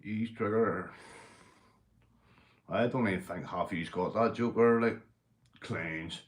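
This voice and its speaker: A Northern Irish man hosting a livestream, telling crude jokes, swearing and shouting out viewers. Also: on the low side, takes it slowly. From Northern Ireland. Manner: rowdy, swearing, joke-telling, reading viewer comments. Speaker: livestream host. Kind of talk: casual livestream chat.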